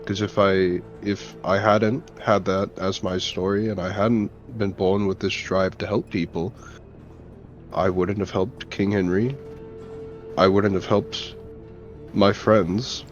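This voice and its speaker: A man voicing an ancient male hero who speaks earnestly and halting, searching for words. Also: sits low, fairly even intonation. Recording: dull lo-fi audio, faint music.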